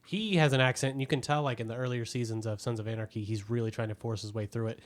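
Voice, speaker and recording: A young man co-hosting a podcast, talking about movies in a halting way with frequent restarts. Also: mid-range voice, steady tone. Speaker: podcast co-host. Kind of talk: casual movie review chat.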